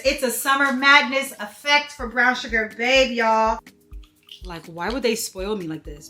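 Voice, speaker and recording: A woman's voice: on the high side, expressive, takes it slowly, bright, forceful tone. A young woman, gushing to her viewers while unboxing in a casual vlog. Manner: gushing, exclaims often, talks straight to viewers. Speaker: beauty vlogger. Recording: echoey room, faint music.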